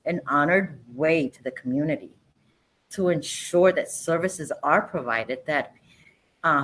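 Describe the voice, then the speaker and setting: A woman's voice: low-pitched, slightly rough, rough recording. A Puerto Rican woman chatting animatedly as an interview guest, talking about her work as a town councilwoman and switching between English and Spanish. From Puerto Rico. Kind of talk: casual interview chat.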